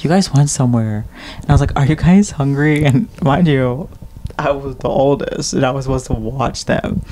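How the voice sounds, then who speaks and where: A man's voice: mid-range voice, moderate pace, slight background noise. A man hosting a casual podcast chat with his siblings, telling stories animatedly and cursing freely. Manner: animated storytelling with profanity. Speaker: podcast host.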